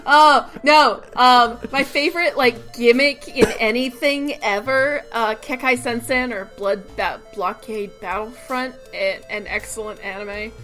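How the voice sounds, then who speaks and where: A woman in her late twenties co-hosting a casual podcast, animated, laughing often and acting out little quotes. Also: fairly high pitch, a little slow, few pauses, faint music behind. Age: late 20s. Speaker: podcast co-host.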